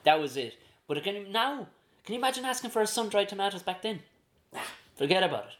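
A man, chiming in with quick, profane banter as a podcast co-host. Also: high-pitched, lively intonation, a bit bright. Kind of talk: casual chat. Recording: roomy echo.

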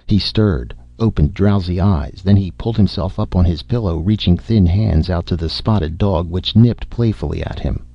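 A man narrating an audiobook in an even, measured reading. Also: deep voice, creaky, no echo, highs cut off.

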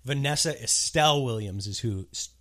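A man's voice: medium pitch, moderate pace, a bit bright. A man co-hosting a podcast in casual chat, gushing expressively. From US West Coast. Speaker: podcast co-host.

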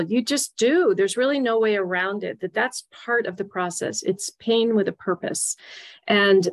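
A woman guest on a podcast interview, explaining grief support in an earnest, gently instructive way. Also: medium pitch. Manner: earnest, gently instructive, repeats key phrases. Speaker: grief guide.

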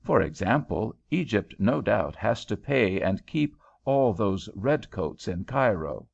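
A man plays a relaxed, reasonable American traveller who muses and questions at an even pace. The voice is low, deeply gravelly and lively in pitch, heard through a dull, lo-fi recording. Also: takes it slowly, heavily acted. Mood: musing.

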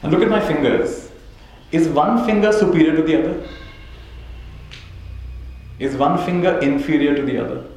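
Here the man's voice is a little high and darkish, moving at a normal speed with frequent pauses. Teaching spiritual lessons to a live crowd, he tells stories, chuckles a lot and keeps asking "right?". The recording carries faint noise in a very echoey hall.

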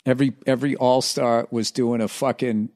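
A man hosting a podcast with a hoarse, strained voice, talking in a low-energy, self-mocking casual ramble full of swearing. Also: steady tone, fairly quick, darkish tone. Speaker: podcast host.

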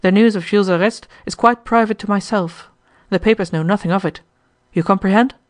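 A woman voicing a shrewd, calm male millionaire hotel owner, speaking in a quiet, deliberate way. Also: medium pitch, lightly acted. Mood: cool.

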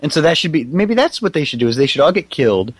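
A man's voice: on the high side, big pitch swings, fast, husky, dry recording. A man co-hosting a casual podcast chat, joking around and riffing on ideas. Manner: joking, riffs with silly voices. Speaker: podcast co-host.

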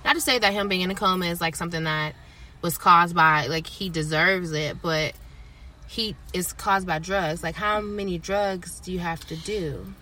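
A woman co-hosts a casual podcast chat, sharing blunt and outspoken opinions. Her voice is bright and forward. A faint hiss sits behind her. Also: lowish voice, moderate pace. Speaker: podcast co-host.

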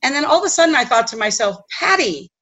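A woman telling a personal story in a chatty, animated way, often checking in with her listeners. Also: sits high, fast talker, lo-fi sound. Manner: chatty, animated, tag questions. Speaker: host. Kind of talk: storytelling talk.

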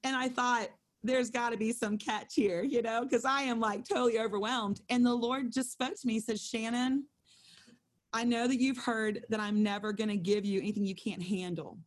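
This is a woman in her thirties speaking over a video call, her voice sitting a little on the high side. She tells a personal faith story in a relaxed, chatty way. Now and then she acts out her own inner thoughts in quotes. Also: normal speed. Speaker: Bible study co-leader. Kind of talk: casual testimony storytelling.

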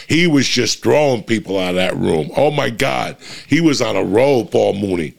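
A man's voice: lowish voice, animated, normal speed, creaky. A male comedian from New Jersey telling a long, profane anecdote in casual chat, rambling with many restarts.

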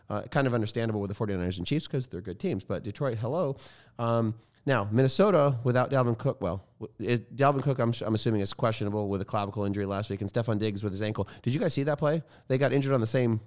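A man co-hosting a casual sports show, excitable and rambling, often correcting himself mid-sentence. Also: on the low side. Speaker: sports podcast co-host.

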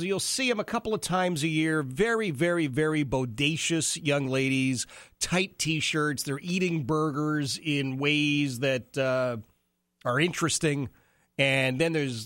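A man hosting an opinionated talk show, giving animated, sarcastic commentary. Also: a little high, dry recording, studio quality. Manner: animated, sarcastic, mimics people he quotes.

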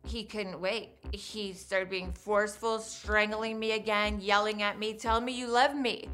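A woman with a medium-pitched voice gives documentary interview testimony as a crime survivor. She speaks in a measured, halting, hushed manner.

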